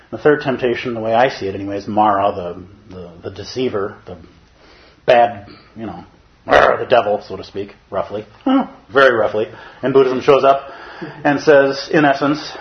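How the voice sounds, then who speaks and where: A man giving a Zen dharma talk in an animated, playful way, at times putting on other voices. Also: fairly low pitch, a little fast, dull audio. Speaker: Zen teacher.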